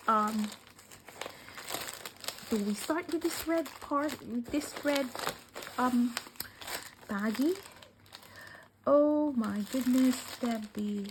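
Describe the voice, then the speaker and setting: A woman vlogger talking slowly and warmly over her crafting gifts, tearfully welling up as she gushes. She often drops into soft whispers between fillers and sighs. Faint noise and paper crinkling sit behind her. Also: on the high side. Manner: gushing, emotional, often breaking into soft whispers; slow, with many fillers and sighs. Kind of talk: casual unboxing chat.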